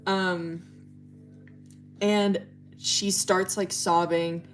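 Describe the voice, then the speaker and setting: A woman's voice: fairly low pitch, little pitch movement, extremely slow, soft background music. A woman livestreamer casually retelling a story, rambling with lots of fillers and swearing. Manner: rambling, full of fillers and profanity.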